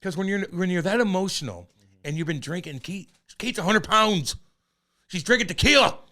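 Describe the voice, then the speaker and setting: A man in his forties co-hosting a podcast, telling a personal story in a rambling, profane way that turns loud and heated. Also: high-pitched, animated, normal speed. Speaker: podcast co-host. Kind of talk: candid casual chat.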